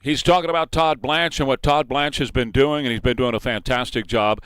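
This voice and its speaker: A man's voice: medium pitch, fairly even intonation, brisk, fairly bright tone, slight background noise. A man hosting a morning talk radio show, enthusiastic and partisan, laughing often on a studio microphone.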